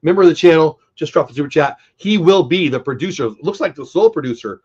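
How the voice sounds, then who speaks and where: A middle-aged man hosts a casual post-game live stream, talking straight to his viewers in a chatty, upbeat way. His stuffy, congested voice sits a little high, mellow and husky, with lively intonation and a quick pace. The audio sounds dull.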